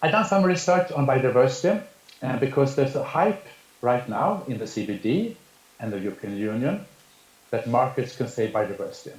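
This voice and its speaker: Delivering an academic talk by video link, this conference speaker has a mid-range, sing-song voice with a darkish tone, and the sound echoes. He explains things in a measured way but often hesitates and restarts.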